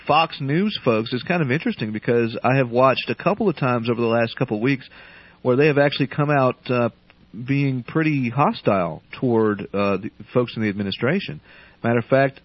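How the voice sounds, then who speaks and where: A man's voice: mid-range voice, dry recording. Male call-in radio host, easygoing and rambling, dry, dull lo-fi broadcast sound. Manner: relaxed, chatty, punning, many restarts. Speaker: radio talk show host.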